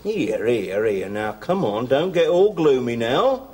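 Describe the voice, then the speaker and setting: A man's voice: mid-range voice, very animated, slow, a little mellow. An actor playing a streetwise, teasing male convict in a sitcom. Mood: coaxing. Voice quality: chirpy, teasing. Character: streetwise middle-aged male convict, cheeky and kind. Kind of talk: 1970s TV sitcom acting.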